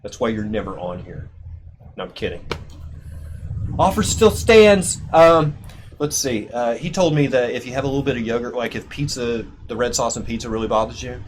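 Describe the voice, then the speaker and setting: Fast-talking joking male host. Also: mid-range voice, slight background noise. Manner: joking, quick banter with fillers. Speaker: show host. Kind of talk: casual chat.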